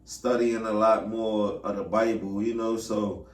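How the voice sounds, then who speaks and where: Relaxed podcast host from the Bronx, steady and easygoing, recorded in a roomy space off-mic. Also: male voice, lowish voice, a little slow. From the Bronx, New York. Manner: relaxed, steady, agreeable interjections. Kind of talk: casual interview chat. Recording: echoey room, mic at a distance.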